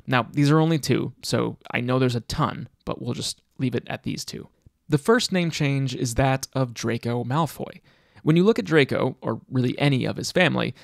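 A man's voice: medium pitch, gravelly, no room sound, clean studio sound. A man narrating a video in a casual, speculative way. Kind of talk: scripted narration.

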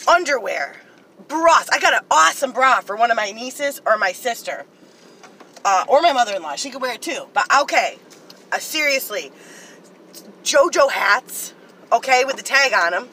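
A woman chatting excitedly to viewers in a casual vlog, talking straight to the camera about her finds. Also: fairly high pitch, normal speed, rough recording. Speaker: vlogger. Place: in a car, rain outside.

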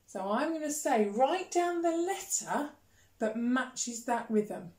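A woman music teacher with a British accent leading a children's rhythm lesson, chanting words slowly with gasps and playful disgust. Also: high voice, reverberant, background noise. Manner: animated storytelling, gasps and exaggerated disgust.

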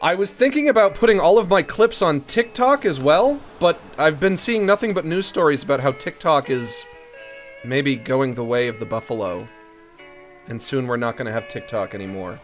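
A man chatting casually on a live stream in a playful, rambling, joking way. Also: fairly high pitch.

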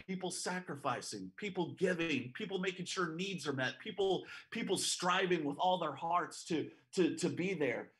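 A man preaching a sermon at a church service, telling a story with animated, joking asides. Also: on the high side, moderate pace, hardly any pauses.

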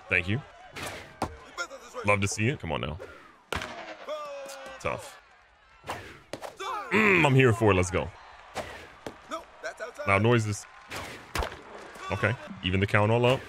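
A young man casually commentating his own baseball video game, excitable and joking, swinging between hype and mock despair. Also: fairly low pitch, vocal fry. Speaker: gaming channel host. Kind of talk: live gameplay commentary.

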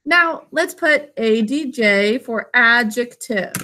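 A woman's voice: on the high side, expressive, takes it slowly, pushed and bright, slight background noise. A woman teaching a spelling lesson to children, patiently sounding words out syllable by syllable over a video call.

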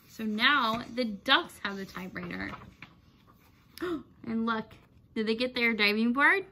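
A woman teacher reading a children's picture book aloud in an expressive storytelling manner. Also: a little high, unhurried, pauses often, a little hiss or hum.

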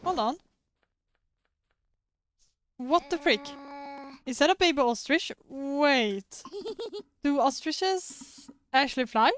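A woman's voice: high-pitched, expressive, slow, pauses often, fairly bright tone, a little hiss or hum. A woman streamer giving casual, chatty gameplay commentary, giggling and poking fun at herself. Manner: chatty, giggly, self-mocking.

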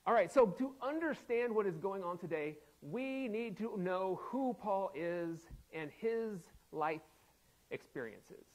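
A man's voice: high voice, animated, a little slow, darkish tone, poor audio. A man preaching a sermon as pastor, laughing often and acting out quoted voices playfully. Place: church sanctuary.

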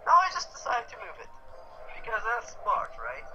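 A man's voice: extremely high pitch, huge pitch swings, moderate pace, dull audio, noisy background. A man hosting a game stream from his bed on a stand mic, chatting casually, rambling and laughing in exasperation. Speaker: stream host. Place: in bed at home. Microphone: stand mic beside him.

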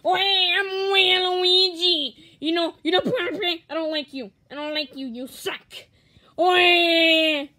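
A woman's voice: very high voice, steady tone, unhurried, voice pushed up, full character voice. A woman putting on a voice for a mischievous male video game villain who taunts and repeats himself. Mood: taunting. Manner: shouty, taunting, repetitive.

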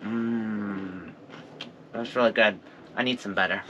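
A man's voice: fairly low pitch, steady tone, takes it slowly, sharp tone, dull audio, a little hiss or hum. A man chatting cheerfully through a casual gardening vlog outdoors at a camp, cooing at his pets. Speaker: vlogger.

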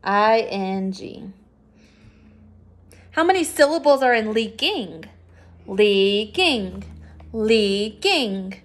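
A woman teacher giving a recorded phonics lesson for children, patient and sounding out words slowly. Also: fairly high pitch, expressive.

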